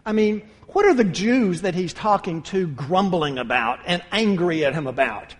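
A man's voice: high voice, animated, moderate pace. A man preaching a sermon with emphasis, addressing his listeners as brothers and sisters. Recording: long hall reverb.

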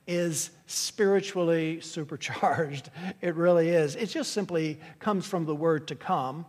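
A man delivers an earnest teaching sermon. He often restarts his phrases as he works through the verses. His voice sits slightly high and carries a long, echoing reverb, as if heard in a church hall. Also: a little mellow. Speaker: pastor. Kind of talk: expository sermon.

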